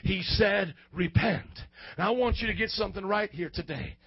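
A man, a youth pastor preaching a fiery sermon to his congregation, breaking into shouted, sing-song outbursts. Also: high voice, moderate pace, breathy edge, dull audio. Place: church hall before a youth congregation.

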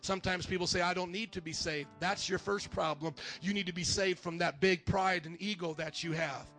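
A high-pitched man preaches to a church congregation with lively energy. He acts out the voices he quotes and rises to shouts. Soft music plays faintly behind him. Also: brisk. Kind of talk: sermon.

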